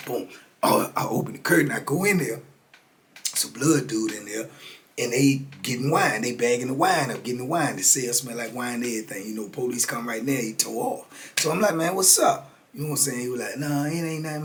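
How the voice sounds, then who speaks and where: Older american guy telling a story casually, acts out the back-and-forth, lots of slang. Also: medium pitch. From United States. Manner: animated, acts out dialogue with street slang. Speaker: storyteller sharing prison experiences.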